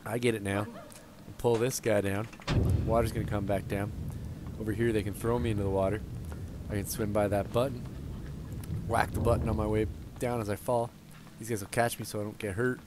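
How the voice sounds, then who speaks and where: A man with a slightly low voice talks through a video game in casual commentary, thinking aloud and cheering on the characters he leads. He speaks into a gaming headset, with a clear, steady hiss of game sound and noise under his words. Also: fairly quick, long pauses. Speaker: let's play gamer.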